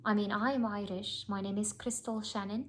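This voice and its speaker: A woman's voice: medium pitch, fairly even intonation, normal speed. A woman vlogging to camera in a casual, chatty way, gushing with thanks and drifting into playful asides. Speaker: music reaction vlogger.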